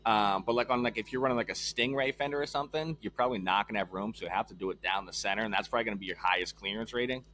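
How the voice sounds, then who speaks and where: Low-ish voiced guy co-hosting, laid back, lots of ums, bit of hum behind. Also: very fast, few pauses, sharp tone. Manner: laid back, swears, says um a lot. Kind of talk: casual chat.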